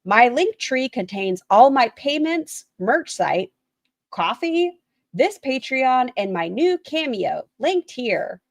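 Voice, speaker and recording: A woman's voice: sits high, sing-song, takes it slowly, vocal fry, dry recording, studio quality. A woman hosting a livestream, reading out a written statement and viewers' chat messages and commenting on them bluntly, swearing casually. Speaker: livestream host.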